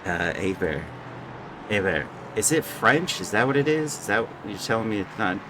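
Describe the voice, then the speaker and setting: A man's voice: on the low side, expressive, moderate pace, background noise. A young man giving casual, joking live commentary on a sim race and stumbling over drivers' names.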